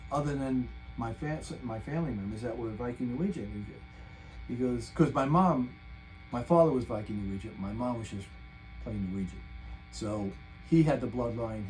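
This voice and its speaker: A man's voice: mid-range voice, darkish tone, rough recording. An older man hosting his own guitar channel, telling a long rambling story in casual chat with many restarts. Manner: chatty, meandering, full of restarts. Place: home room, guitar nearby.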